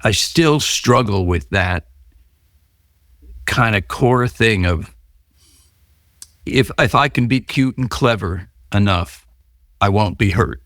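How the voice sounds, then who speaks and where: Guy with a lowish voice, dry close sound, storytelling in an interview, does little voices for people. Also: slow, long pauses, a bit bright, no echo. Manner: storytelling, acts out quoted voices. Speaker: podcast guest. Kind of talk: candid recovery interview.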